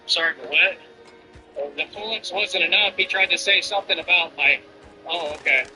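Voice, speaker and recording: A man's voice: sits high, a little fast, sharp tone, soft background music, poor audio. A man streamer ranting defiantly and boastfully over his gameplay. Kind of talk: livestream rant over gameplay.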